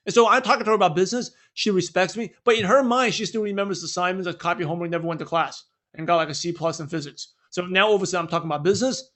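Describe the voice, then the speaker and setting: A man's voice: sits high, rapid-fire, hardly any pauses, a bit bright. A man training a group on network marketing, talking conversationally and often checking in with the audience. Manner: conversational, repeats "right?" to check in. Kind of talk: training talk with role-played scripts.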